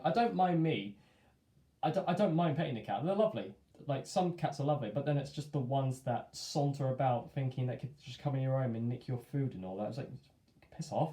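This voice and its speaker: A man's voice: medium pitch, warm tone. A young man telling a rambling, chatty story, dropping in lots of "like" and laughing at himself. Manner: rambling, chatty, self-amused, heavy on filler "like". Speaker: vlogger. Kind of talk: casual storytime monologue. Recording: echoey room.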